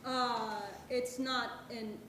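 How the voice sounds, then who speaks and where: A woman reading an odd, deadpan young scout girl in a staged play reading. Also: fairly high pitch, extremely slow. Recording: live reading in an echoey hall, loud noise.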